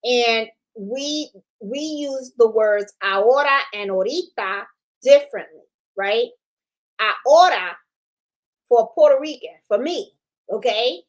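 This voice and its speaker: On her crafts live stream, this middle-aged sewing and embroidery host speaks unhurriedly in a fairly high voice. Her chat is casual and rambling, peppered with "you know" and "okay?", over poor audio.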